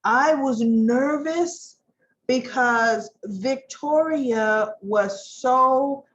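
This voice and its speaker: A woman casually recapping a soap opera, chatty and animated, who keeps clearing her throat. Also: high-pitched, extremely slow, dull audio. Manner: chatty, animated storytelling with rhetorical questions.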